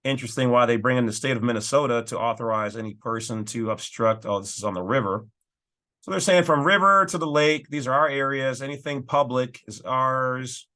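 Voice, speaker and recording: A man's voice: mid-range voice, brisk, pushed and bright. A man hosting his own channel, casually talking through and reading legal documents with folksy, emphatic asides. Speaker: channel host.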